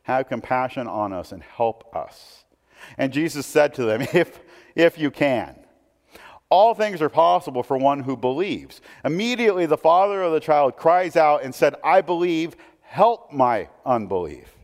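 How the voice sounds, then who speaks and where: A pastor giving a sermon, reading scripture aloud and then commenting on it in a conversational way. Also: male voice, a little high, big pitch swings, normal speed, long reverb tail.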